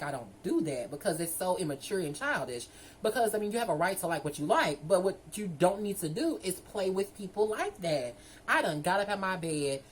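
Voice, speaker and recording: Sassy, animated woman vlogger. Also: on the low side, slight background noise, poor audio. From Southern United States. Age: 20s. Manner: sassy, animated, addresses listeners as girl and y'all. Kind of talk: casual storytime monologue.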